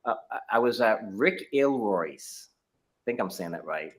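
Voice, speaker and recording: A man's voice: lowish voice, lively intonation, unhurried. A middle-aged man, a martial arts instructor, telling his story in a casual interview over a video call, with many fillers and restarts.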